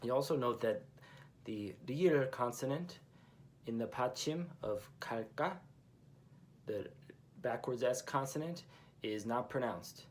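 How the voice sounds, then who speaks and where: A man's voice: medium pitch, animated, normal speed, long pauses, a little hiss or hum. A man teaching a language lesson who explains patiently and repeats each example phrase twice.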